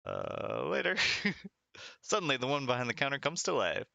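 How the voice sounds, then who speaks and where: Gravelly, bright-toned man playing a retro game. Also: mid-range voice, huge pitch swings, moderate pace, no echo, highs cut off. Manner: reads game text aloud and laughs often. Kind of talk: casual game commentary.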